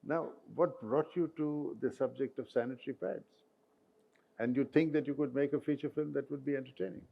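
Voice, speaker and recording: A man's voice: mid-range voice, fairly even intonation, fairly quick, gravelly, phone-quality sound. An older man hosting an onstage interview with short prompting questions.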